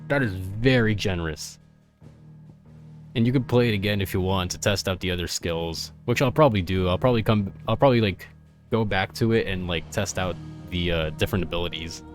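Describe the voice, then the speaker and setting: A man's voice: deep voice, a little fast, faint music behind. A man giving casual commentary while playing a video game, rambling with lots of fillers and sounding out of breath. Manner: rambling, excitable, many fillers. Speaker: gaming video creator.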